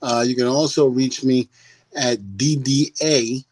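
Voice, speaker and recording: An older man from the United States, a podcast guest telling stories in a loose, animated way, laughing often and swearing freely. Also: mid-range voice, a little slow, no room sound. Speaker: guest, former wrestler. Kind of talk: casual podcast chat.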